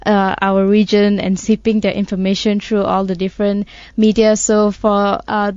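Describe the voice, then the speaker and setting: A woman co-host, explaining news points in a measured way with small hesitations. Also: mid-range voice, flat delivery, darkish tone, clear, resonant tone, dry recording. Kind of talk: casual news discussion. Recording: dull, dry studio sound.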